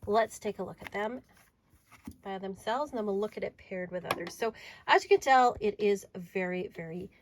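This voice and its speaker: An adult woman showing off her tarot and oracle decks in a casual video, chatty and enthusiastic, sometimes dropping to a soft murmur. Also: medium pitch, moderate pace, noisy background. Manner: chatty and enthusiastic, drifting to soft murmurs while handling cards. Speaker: tarot reader and deck reviewer. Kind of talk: casual show-and-tell video.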